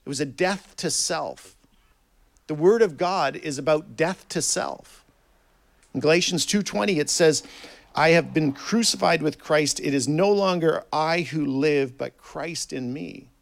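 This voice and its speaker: A man preaching a sermon in an earnest way, reading scripture aloud and swinging between quiet and loud emphasis. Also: fairly high pitch, measured pace, vocal fry.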